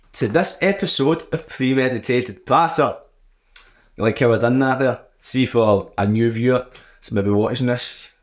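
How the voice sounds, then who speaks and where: A Glaswegian man hosting a podcast in casual chat, full of crude jokes and swearing. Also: mid-range voice. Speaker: podcast host.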